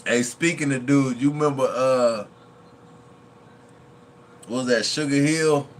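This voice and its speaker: A man's voice: medium pitch, measured pace, a little hiss or hum. A man hosting a reaction video in a chatty, casual way, laughing often and quoting movie lines.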